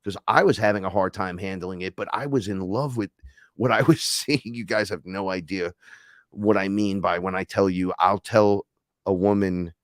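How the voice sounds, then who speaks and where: Excitable, swearing man with a lowish voice. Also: moderate pace, no room sound, studio quality. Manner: profane, excitable, swings between loud and hushed. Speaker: podcast host recounting an experience. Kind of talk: casual storytelling.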